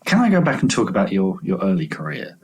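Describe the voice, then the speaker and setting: A man with a fairly low voice hosts a writing podcast. He chats casually, asks curious follow-up questions and slips in his own anecdotes. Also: big pitch swings, fast. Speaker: podcast host. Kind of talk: casual interview chat.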